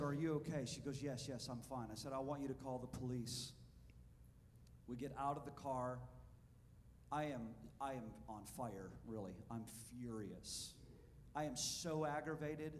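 A man preaching an animated sermon to a congregation in a church, telling a story and asking his listeners questions. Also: medium pitch, in a large hall, a little hiss or hum. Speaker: pastor. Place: church sanctuary.

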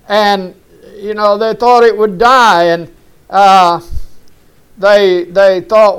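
A male preacher delivering a sermon with a high, clear, resonant voice. He takes his time, leaning hard on each phrase and rising to loud, fervent peaks. Small chuckles slip into his preaching. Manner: slow, emphatic preaching that rises and shouts at climaxes, with chuckles.

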